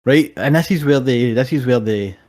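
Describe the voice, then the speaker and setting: Scottish man, young adult, mellow low tone, swearing, animated storytelling, casual sports chat. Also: moderate pace. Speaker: co-host.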